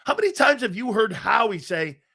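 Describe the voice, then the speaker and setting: A man's voice: sits high, lively intonation, fairly quick, gravelly, bright, forceful tone. A man hosting a sports talk radio show, ranting bluntly and combatively at callers and swearing freely.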